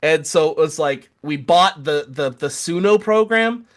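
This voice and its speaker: A man's voice: a little high, expressive, unhurried. A man co-hosting a casual podcast, telling rambling stories with stammered restarts and sarcastic jokes. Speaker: podcast co-host.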